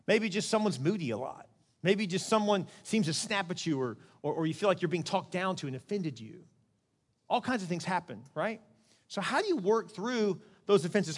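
Male pastor, conversational sermon delivery with acted-out asides, slightly high voice, long hall reverb. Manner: animated, conversational preaching with acted-out quotes.

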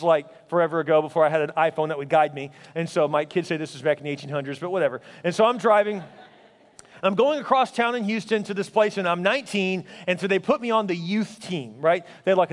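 A middle-aged pastor preaches a sermon in a quick, high-pitched voice. He tells stories with animated energy and acts out the people he quotes. His voice rings with the long reverb of a church hall. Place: church sanctuary.

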